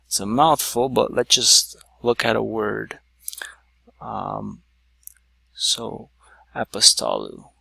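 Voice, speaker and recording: A man teaches a whiteboard lesson at an unhurried pace, pointing things out one step at a time. His voice is gravelly with a bright edge. The sound is dry and close. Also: fairly low pitch, no echo. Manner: slow, stepwise explaining with many "so"s.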